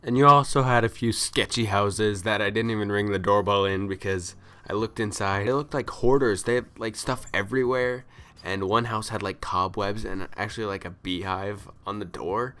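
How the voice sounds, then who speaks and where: A man with a somewhat low voice tells stories in a loose, ranting vlog style. He sounds exasperated and complaining, dropping into quick quoted lines as he acts out the people he met. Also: fairly even intonation, a bit bright. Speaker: vlogger. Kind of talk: casual storytelling rant.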